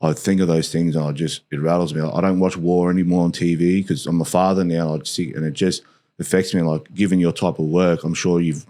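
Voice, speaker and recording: A man's voice: low voice, little pitch movement, fairly quick, warm tone. An Australian man hosting a podcast, talking in a rambling, casual way and chatting with his guest. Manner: rambling, lots of "you know" fillers. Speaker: podcast host. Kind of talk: casual interview chat.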